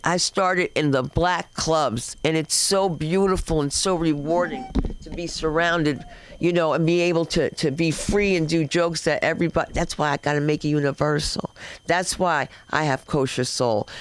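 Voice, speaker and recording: A man hosts a comedy open mic from the stage, talking in loose, rambling patter before he hypes up the next act. His voice is smooth and resonant and sits a little high. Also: fairly bright tone. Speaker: comedy show host. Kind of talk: stand-up host patter.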